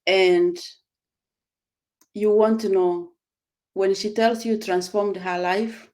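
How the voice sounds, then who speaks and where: A woman's voice: mid-range voice, fairly even intonation, takes it slowly, a little mellow. A woman responding in a group conversation, affirming and prayerful, praising the other speaker. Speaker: company supporter in a group conversation.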